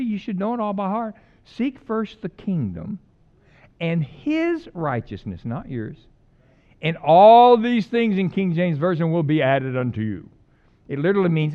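A man's voice: fairly high pitch, highs cut off. A male pastor giving a casual, joking sermon that builds to fervent emphasis. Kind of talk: conversational sermon.

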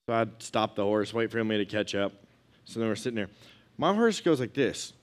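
A man's voice: on the low side, brisk, a little hiss or hum. A young adult man giving a casual, story-driven sermon as a pastor, moving from a funny anecdote into exhortation. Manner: storytelling, animated and conversational.

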